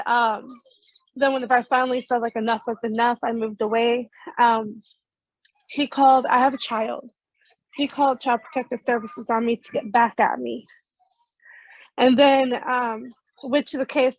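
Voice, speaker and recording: A woman participant sharing a personal story in a class, talking haltingly with frequent fillers. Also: fairly high pitch, flat delivery, dry recording, poor audio.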